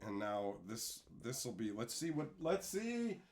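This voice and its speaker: A man live-streaming a card pack opening, reading chat and going off on loud, profane, mock-angry rants. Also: medium pitch, big pitch swings, slow.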